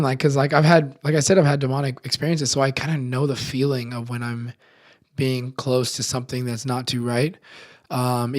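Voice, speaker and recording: A young man casually telling a personal story in slangy speech full of fillers, swinging between loud excitement and hushed tones. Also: mid-range voice. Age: young adult. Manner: animated, slangy, many fillers. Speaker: podcast contributor.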